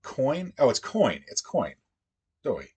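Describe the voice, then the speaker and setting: Husky-voiced man thinking aloud. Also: mid-range voice, wildly swooping pitch, a little mellow. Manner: thinks aloud, halting and musing. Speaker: livestream puzzle host. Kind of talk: casual livestream chat.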